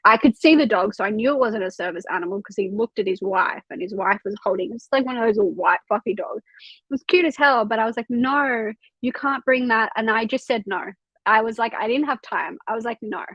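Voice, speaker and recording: A woman's voice: medium pitch, fast talker, fairly bright tone, husky, no echo, lo-fi sound. A young woman hosting a casual reading livestream from home, chatting loosely, swearing freely and reading out chat comments. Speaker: livestream host of a reading sprint.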